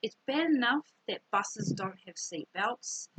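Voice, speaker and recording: Breathy young woman telling a story. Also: fairly high pitch, a little slow, dry recording, rough recording. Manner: rambling, animated storytelling with fillers. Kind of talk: casual storytime vlog.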